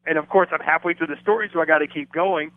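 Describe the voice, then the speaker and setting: A man's voice: fairly high pitch, quick pace, no room sound. Man telling stories over a tinny line. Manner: animated storyteller, acts out quotes. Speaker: guest, former wrestling announcer. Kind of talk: casual podcast chat, storytelling.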